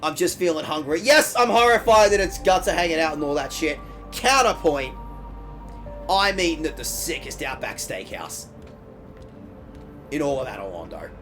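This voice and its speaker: High, lively man riffing. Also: moderate pace, long pauses. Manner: jokey, riffing, swearing, lively bits. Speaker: streamer. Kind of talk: casual gaming stream chat. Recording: music playing behind.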